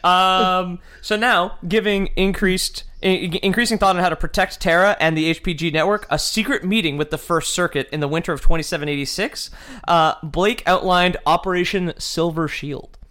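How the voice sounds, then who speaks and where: Smooth-voiced joking podcast host man. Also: high-pitched, fairly even intonation, moderate pace, pushed and bright. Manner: joking, stumbles and restarts, laughs often. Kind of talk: casual chat recapping game lore.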